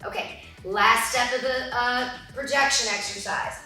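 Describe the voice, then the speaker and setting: A young woman teaching an online musical theater lesson, instructing step by step with careful, drawn-out enunciation. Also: a little high, fairly even intonation, sharp tone. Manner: instructive, slow deliberate enunciation. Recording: echoey room from a distant mic, music behind.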